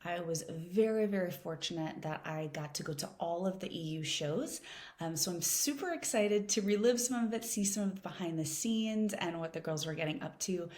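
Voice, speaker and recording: A woman hosting a reaction video in casual, chatty commentary, bubbly and quick to laugh, in an echoey room. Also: on the low side, darkish tone. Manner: bubbly, chatty, laughs often, gets emotional.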